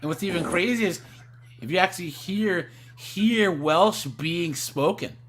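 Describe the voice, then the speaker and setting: A man from the US West Coast with a high, bright voice, chatting casually on his livestream. He talks with animated energy and rises to near-shouts when he tells a story. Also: unhurried, slight background noise. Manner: animated, loud when telling stories. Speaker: livestream host.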